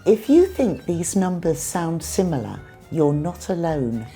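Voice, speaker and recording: A woman with a British accent teaching English pronunciation in a scripted lesson, saying numbers clearly and deliberately. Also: lowish voice, big pitch swings, dark tone, soft background music. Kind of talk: scripted lesson with acted skits.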